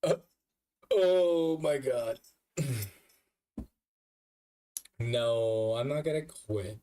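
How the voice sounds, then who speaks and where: A man's voice: medium pitch, lively intonation, drawn-out words, mellow, recorded from a distance, slight background noise. A drunk man who keeps hiccuping, chatting casually on a live stream, swearing a lot and laughing at himself.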